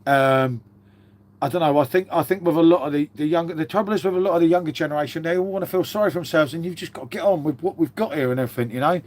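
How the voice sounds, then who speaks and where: A man's voice: a little high, racing, a little mellow. A man in his fifties hosting a casual live stream, rambling through stories, swearing freely and calling everyone mate. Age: 50s.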